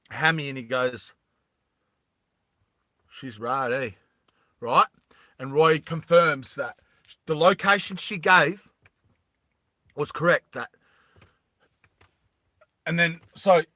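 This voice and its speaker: A man's voice: a little high, bright, forceful tone, dry recording, clean studio sound. A man casually retelling a movie plot, rambling, self-conscious and laughing often. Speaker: storyteller.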